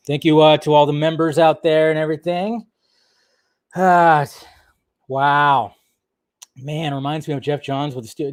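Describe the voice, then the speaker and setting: A man's voice: on the high side, no echo, studio quality. A man hosting a casual live stream, chatting and joking while he greets viewers by name.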